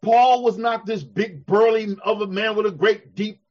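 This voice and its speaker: A man preaching a sermon, drawing answers from the congregation, his delivery swelling to shouts and falling to a hush. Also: high voice, normal speed, dull audio. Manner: preaching with call-and-response, swelling to shouts then dropping soft. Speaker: pastor.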